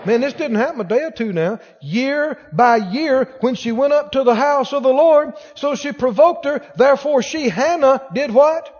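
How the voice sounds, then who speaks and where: A man preaching a sermon as pastor, exhorting the congregation and rising to shouts. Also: very high voice, moderate pace, hardly any pauses, big-room sound, muffled recording.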